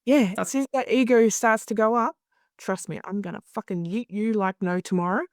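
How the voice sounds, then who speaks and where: A woman's voice: medium pitch, a little fast, no echo, studio quality. A middle-aged woman in a candid interview, who talks bluntly, swears freely and acts out other people's lines. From Australia. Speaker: hypnosis conference director.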